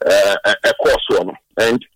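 A man's voice: fairly low pitch, measured pace, a bit bright, breathy edge, dry recording, low-quality recording. A man with a Ghanaian accent giving earnest, pleading sports commentary on a radio talk show, mixing in English phrases. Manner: earnest, pleading, mixes languages. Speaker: sports pundit.

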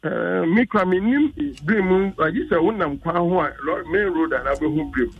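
A man's voice: high voice, lively intonation, brisk, creaky. An older Ghanaian man, a member of parliament, talking emphatically and repeating himself as a guest in a radio interview. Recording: dull, dry radio audio.

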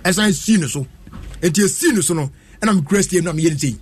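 High-voiced husky man telling stories. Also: quick pace. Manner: lively, laughs often while telling a story. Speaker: storyteller in a chat. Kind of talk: casual chat, animated storytelling.

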